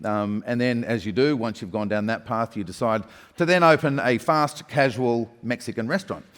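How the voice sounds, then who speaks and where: A man moderating on a conference stage, speaking at a mid-range pitch and an ordinary pace. He introduces his guest and asks his questions haltingly, with plenty of ums and uhs. His voice rings with the long reverb of a big hall. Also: fairly bright tone. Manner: hesitant, filler-heavy. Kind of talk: stage interview hosting. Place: large event hall stage.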